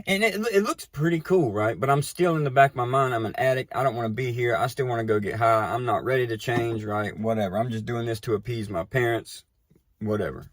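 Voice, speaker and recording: A man casually telling a personal story, animated and conversational, often checking in with the listener. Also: mid-range voice, no room sound, clean studio sound. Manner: animated, tags lines with "right?" and "you know". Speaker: recovery storyteller.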